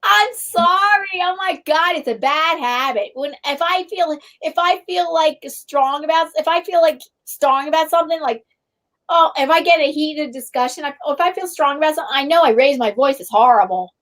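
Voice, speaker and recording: A woman's voice: sits high, normal speed. A middle-aged woman hosting a livestream, chatting casually and telling rambling stories, raising her voice when heated. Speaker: livestream host. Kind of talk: casual chat.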